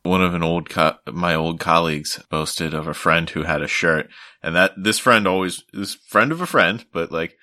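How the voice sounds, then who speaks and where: A man's voice: low voice, normal speed, bright, forceful tone, dry recording, clean studio sound. A man co-hosting a podcast in casual chat, laughing often and riffing on ads. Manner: laughs a lot, acts out ads in a mock announcer voice. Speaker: podcast co-host.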